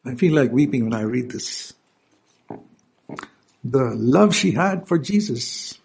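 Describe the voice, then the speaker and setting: A man's voice: medium pitch, expressive, slow pace, gravelly, darkish tone, slightly rough. A male preacher giving an earnest sermon, stopping to explain scripture verses.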